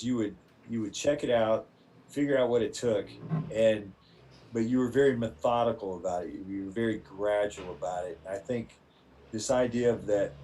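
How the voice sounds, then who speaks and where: A male coach speaking in a measured, thoughtful way, explaining his approach step by step. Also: fairly low pitch, darkish tone, a little hiss or hum, poor audio. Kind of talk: interview reflection.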